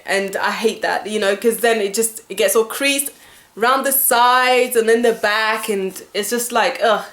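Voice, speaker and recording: A woman vlogger talks straight to camera in a fairly high voice, venting with animated exasperation and plenty of fillers. The room around her is echoey. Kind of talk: casual ranting vlog to camera.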